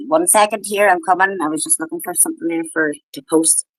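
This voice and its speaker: A woman on a podcast reading out definitions in a steady, list-like way. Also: fairly low pitch, fast talker, no room sound, low-quality recording. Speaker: podcast guest giving definitions.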